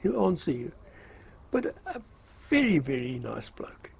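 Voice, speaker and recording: A man's voice: a little high, huge pitch swings, unhurried, creaky, husky. An older man casually recounting his army days in a rambling, self-mocking way, with fillers and chuckles. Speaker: storyteller recalling army service. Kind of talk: casual spoken memoir.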